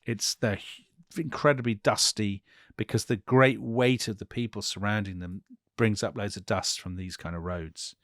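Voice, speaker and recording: A man's voice: on the low side, fairly even intonation, normal speed, a bit bright, no echo, studio quality. A man co-hosting a history podcast, retelling events vividly and dropping into quoted speech for the people in the story. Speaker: podcast co-host.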